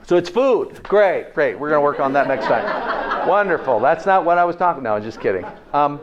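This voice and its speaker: Over some background noise, a health presenter with a slightly high voice speaks animatedly at an ordinary speed. His live lecture is folksy, full of "okay?" tags and questions for the room. The recording quality is dull and lo-fi.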